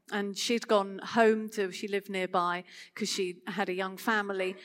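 A woman giving a sermon to a gathered audience, talking in an expressive, conversational way. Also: medium pitch. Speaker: speaker.

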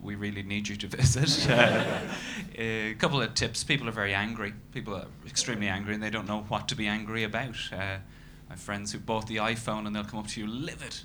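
A man in his thirties with an Irish accent, doing a stand-up comedy set in a dry, self-deprecating way with bursts of loud ranting. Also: fairly low pitch, steady tone, brisk, few pauses. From Ireland. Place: comedy club stage. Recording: noisy live club recording.

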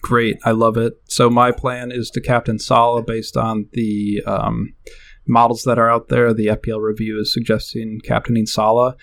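A man's voice: medium pitch, little pitch movement, normal speed, creaky, fairly bright tone. A man co-hosting a casual podcast, hesitant and filling his talk with likes and ums. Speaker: podcast co-host.

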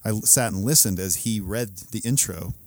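A man's voice: lowish voice, moderate pace, no echo. A podcast co-host, a man, chatting casually and candidly about himself with a self-deprecating, rambling manner. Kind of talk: casual chat.

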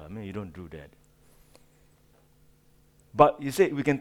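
A male pastor preaching a sermon, swinging from loud, drawn-out phrases to hushed asides. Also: fairly low pitch, very animated.

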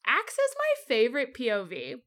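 Woman co-host, high-ish voice, bubbly and playful, casual podcast banter. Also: wildly swooping pitch, normal speed, a bit bright. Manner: bubbly and playful, laughs often. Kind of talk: casual chat.

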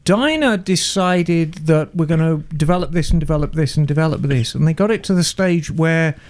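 A man's voice: fairly high pitch, moderate pace. A man co-hosting a podcast, explaining motorcycle wiring in a playful, conversational way. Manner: explanatory, playful, varied intonation. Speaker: motorcycle mechanic podcast co-host. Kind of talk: casual podcast chat, explaining.

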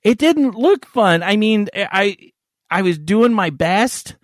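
A man's voice: sits high, animated, slow, no room sound, studio quality. A middle-aged man, a podcast co-host, telling rambling, crude stories in casual chat with frequent laughs.

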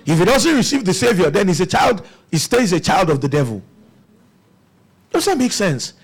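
A man's voice: high-pitched, very animated, normal speed, slightly rough. A man preaching a sermon, asking the congregation rhetorical questions.

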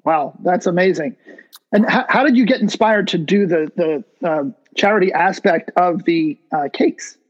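A man hosting an interview, who asks halting questions and answers with short agreeing remarks. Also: high voice, dull audio. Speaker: podcast host. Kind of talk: interview chat.

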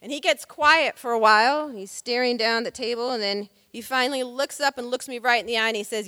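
A woman's voice: a little high, fairly quick, hardly any pauses, pushed and bright, no room sound, studio quality, in a large hall. A woman civil rights lawyer telling a story on stage, vivid and dramatic. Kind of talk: storytelling talk.

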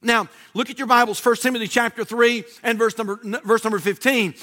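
A male pastor preaching a sermon, stressing key words with slow drawn-out emphasis and rising to shouts. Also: extremely high pitch, steady tone.

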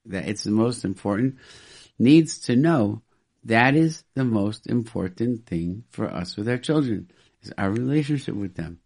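A man's voice: fairly low pitch, a little mellow. A man talking on a radio show as a guest, with an earnest teaching manner. He circles back over his own words, repeats phrases and restarts sentences as he works his point out. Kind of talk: casual radio talk, teaching.

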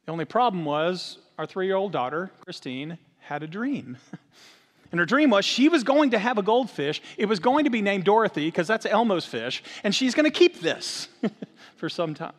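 A middle-aged man, the lead minister, giving a sermon that mixes Bible reading with lively family stories. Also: high voice, normal speed. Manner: animated when telling stories, earnest in prayer. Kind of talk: sermon with storytelling. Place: church sanctuary. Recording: long hall reverb.

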